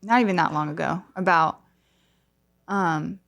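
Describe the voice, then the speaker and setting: A woman in her thirties, a podcast guest, talking gently and hesitantly in casual chat. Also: on the low side, a little slow, creaky.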